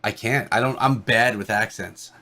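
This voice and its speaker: A man's voice: on the low side, moderate pace, sharp tone. Mild, dry-humored man co-host. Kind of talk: casual chat, reading news articles.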